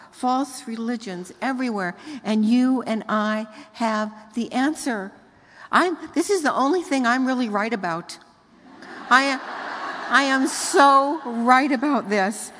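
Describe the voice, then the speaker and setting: An older woman, a grandmother, giving a sermon full of family stories, rising to emphatic high notes. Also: slow, a bit bright. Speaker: speaker. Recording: long hall reverb.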